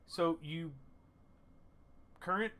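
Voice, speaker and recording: A man narrating a tabletop game as game master, rambling and halting with many fillers. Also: on the high side, pushed and bright.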